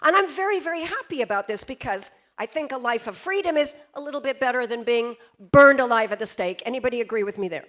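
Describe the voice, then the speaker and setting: A woman giving a storytelling keynote at a convention, pausing for effect and putting questions to the audience. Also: on the high side, animated, a bit bright. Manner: dramatic pauses, questions to the audience. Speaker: keynote speaker. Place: convention stage.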